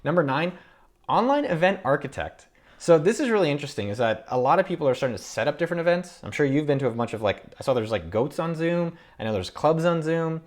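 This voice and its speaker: A man's voice: on the high side, big pitch swings, quick pace. A man in his thirties, an entrepreneur hosting a casual talk to camera from his home office, running through a list of ideas with upbeat enthusiasm. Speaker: entrepreneur and YouTube host.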